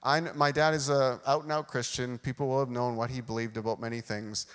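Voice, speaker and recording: Male pastor, mid pitch, animated self-deprecating storyteller, long church reverb. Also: fairly quick, clear, resonant tone. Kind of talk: sermon with personal storytelling. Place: church sanctuary.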